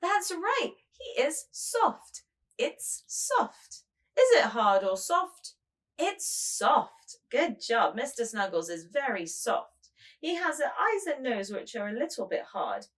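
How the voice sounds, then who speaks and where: A woman preschool teacher leading a show-and-tell lesson, speaking slowly and in a sing-song way to small children. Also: fairly high pitch, very animated.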